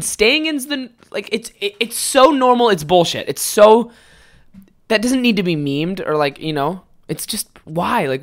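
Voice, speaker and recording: A young man with a fairly high voice hosting a casual solo podcast, rambling and swearing a lot as he tells stories. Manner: rambling, heavy swearing, animated storytelling. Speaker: podcast host.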